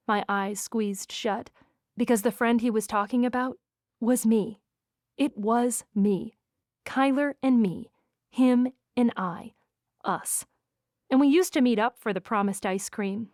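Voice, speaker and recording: A woman narrating a first-person romance audiobook in an expressive, wry manner. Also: fairly high pitch, slow, no room sound, clean studio sound.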